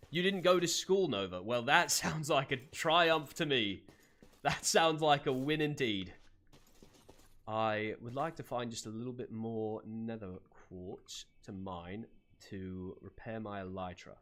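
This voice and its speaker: A man's voice: lowish voice, slow, a bit bright. A man on a live gaming stream, chatting in character with a put-on accent, greeting viewers by name and laughing often. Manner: puts on an accent for his character. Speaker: streamer playing a roleplay character.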